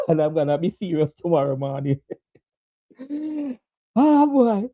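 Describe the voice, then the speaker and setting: A man's voice: very high voice, very animated, takes it slowly, no echo. A man hosting a casual live-stream cricket chat, laughing often and repeating phrases. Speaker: sports show host. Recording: dull, dry lo-fi sound.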